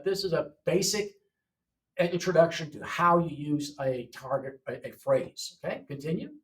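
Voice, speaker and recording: A man leads an English lesson and works through words one at a time, repeating each for his learners. His voice sits fairly high for a man, and he keeps checking in with a quick "okay?". He sounds a step away from the microphone. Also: far from the mic. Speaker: English teacher. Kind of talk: classroom lesson walkthrough.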